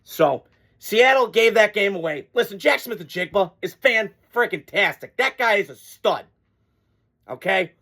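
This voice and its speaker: A man's voice: high voice, lively intonation, measured pace, sharp tone. A man hosting a casual football reaction vlog, blunt and rambling, swearing freely as he gives his takes. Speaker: sports commentator host.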